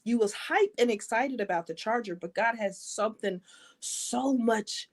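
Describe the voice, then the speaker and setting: A woman's voice: a little high, a little slow. Emphatic woman host speaking on faith. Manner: emphatic, faith-based encouragement. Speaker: talk show host. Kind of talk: conversational interview.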